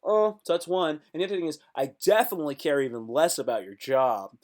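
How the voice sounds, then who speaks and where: A man's voice: fairly high pitch, quick pace, darkish tone. A man hosting a comedic live stream, rambling through jokes, swearing freely and breaking into freestyle rap.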